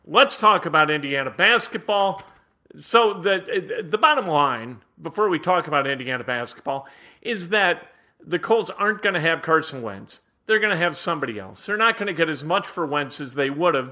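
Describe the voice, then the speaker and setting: A man hosting sports radio, giving an opinionated monologue that swings from low asides to loud outbursts.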